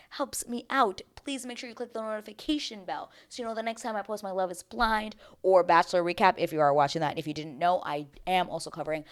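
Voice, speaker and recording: A woman's voice: fairly low pitch, quick pace, hardly any pauses. A woman vlogger giving a casual, opinionated recap of a reality show, chatty and emphatic, with slang and tangents.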